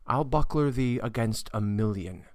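A man reading verse aloud as a bold, swaggering young male suitor, loud and emphatic. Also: medium pitch, moderate pace, dry recording, studio quality, natural voice. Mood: commanding.

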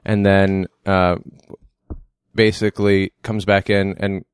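A man's voice: sits low, flat delivery, slow, smooth, no room sound, studio quality. A man co-hosting a podcast, chatty and giggly, with goofy asides. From New Hampshire. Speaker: podcast co-host. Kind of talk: casual chat with scene reading.

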